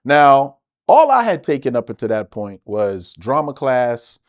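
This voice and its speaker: Man, from the united states, animated storyteller, emphatic, swears often, mid-pitched voice, dry sound. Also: a little slow, dry recording. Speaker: actor guest. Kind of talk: casual interview storytelling.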